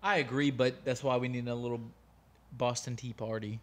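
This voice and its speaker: A man's voice: medium pitch, steady tone, normal speed, a bit bright. An American man co-hosting a podcast, blunt and opinionated, swearing freely in casual chat. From United States. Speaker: podcast co-host.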